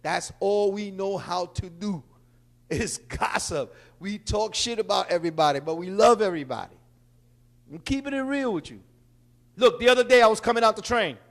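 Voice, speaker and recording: A man from Puerto Rico hosting a show, delivering a brash, joking monologue with loud bursts. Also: sits high, normal speed. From Puerto Rican. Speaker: host. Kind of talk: stand-up style monologue.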